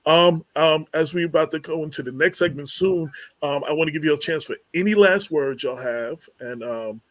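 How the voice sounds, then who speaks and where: A man hosting a community radio talk show, speaking in a halting way with many fillers and repeated words. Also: fairly high pitch, fairly bright tone, no echo.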